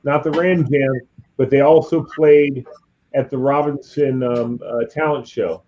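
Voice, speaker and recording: A man co-hosting a casual livestream chat, telling animated stories. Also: medium pitch, a little slow. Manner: storytelling, animated. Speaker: co-host. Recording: dull lo-fi sound, faint noise.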